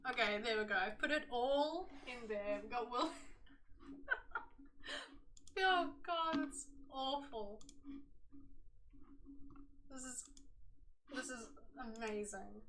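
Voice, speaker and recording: An excitable woman streamer chats, swears and laughs, her voice high-ish and very bright. Faint keyboard typing and clicks sit behind her. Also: takes it slowly, pauses often, slight background noise. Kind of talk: live stream chat while playing a game.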